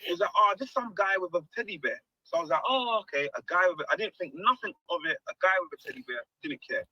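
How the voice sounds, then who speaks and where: Male guest, storyteller who acts out the dialogue; bright, lively voice; dry, lo-fi sound. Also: high-pitched, fast, breathy edge, no room sound. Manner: animated, acts out quoted dialogue. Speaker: guest musician. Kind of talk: storytelling interview.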